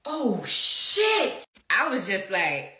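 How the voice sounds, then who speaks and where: A woman's voice: mid-range voice, wildly swooping pitch, drawn-out words, sharp tone. Profane, laughing young woman in an echoey room. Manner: blunt, profane and laughing, with quoted dialogue. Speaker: storyteller. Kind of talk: casual storytime monologue.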